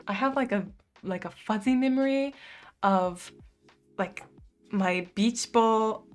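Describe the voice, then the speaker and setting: A young American woman chats casually on her live stream, reading out viewer messages and answering them. She talks freely and fills her sentences with "like", with easy laughs mixed in. Soft music plays faintly behind her. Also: medium pitch. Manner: chatty, fills speech with "like", laughs often. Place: home streaming room.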